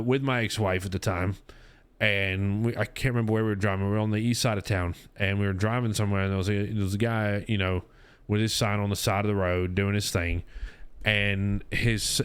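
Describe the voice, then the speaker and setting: Smooth-voiced rambling male podcast host. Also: lowish voice. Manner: rambling, chuckling storyteller with many restarts. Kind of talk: casual chat.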